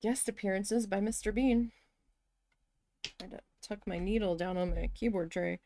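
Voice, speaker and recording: A woman's voice: medium pitch, normal speed, mellow, slight background noise. A woman chatting casually while she works on a craft, telling stories and talking to her cat. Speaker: crafting vlogger.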